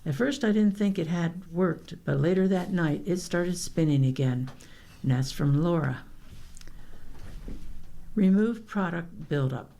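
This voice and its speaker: Low, gravelly woman reading the paper. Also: dark tone. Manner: plain, unhurried reading with asides. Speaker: volunteer newspaper reader. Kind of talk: reading newspaper articles aloud. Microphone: radio studio microphone.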